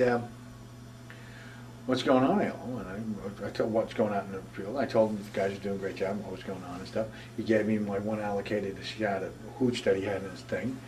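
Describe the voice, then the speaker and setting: A man's voice: fairly low pitch, darkish tone. An older man, a military veteran, telling his war memories in a rambling conversational way with many restarts. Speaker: veteran interviewee. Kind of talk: oral history storytelling. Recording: voice from a distance from the mic.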